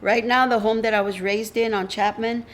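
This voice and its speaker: A woman's voice: on the high side, fairly even intonation, moderate pace, a little hiss or hum. An older woman from the North Side of Houston tells her personal history in an interview, reflective and openly emotional. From North Side of Houston, USA. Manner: reflective, emotional, fond storytelling. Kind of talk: personal oral-history account.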